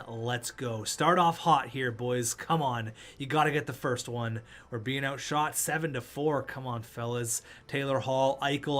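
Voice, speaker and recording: A young man commentating his own hockey video game with excitement, calling plays and urging the players on. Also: medium pitch. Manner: hype, shouting at players, play-by-play. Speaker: gaming video creator.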